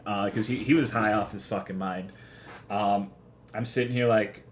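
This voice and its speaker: A man's voice: on the low side, measured pace, pauses often, a little hiss or hum. A young man streaming live, chatting casually with his viewers in a rambling, profane, self-deprecating way. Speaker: livestreamer. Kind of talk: casual livestream chat.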